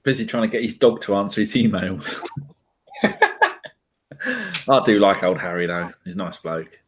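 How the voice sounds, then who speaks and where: Banter-prone podcast co-host, animated pitch, laughs a lot. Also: male voice, measured pace, slight background noise. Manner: jokey, laughs often, banters. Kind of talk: casual chat.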